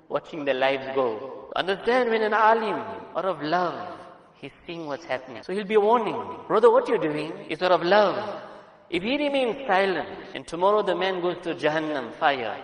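Guy giving a sermon, kinda high voice, really emphatic, big echoey hall with long reverb. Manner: earnest and emphatic, swings between soft and loud. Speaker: Islamic preacher.

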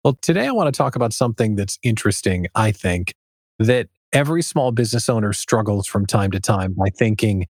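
A man's voice: on the low side, animated, a little fast, a little mellow, dry recording. Man hosting a podcast, dry mic. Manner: conversational, leads with questions. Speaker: podcast host. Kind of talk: podcast interview.

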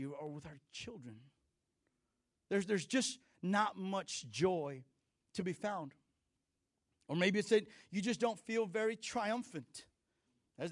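Male pastor, middle-aged, high voice, dry close sound, chatty sermon delivery with restarts and jokes. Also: no room sound. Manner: conversational and animated, with many restarts and playful asides.

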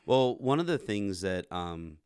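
Deep self-deprecating male podcast host. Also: big pitch swings, unhurried, a crowd in the background. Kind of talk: candid conversation.

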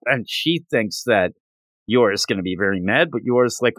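A man hosting a podcast, retelling a manga chapter in a loose, rambling way with plenty of fillers. His voice is animated and jumps around in pitch. The recording is dry and close, with no room echo. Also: normal speed. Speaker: podcast host. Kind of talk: casual manga recap.

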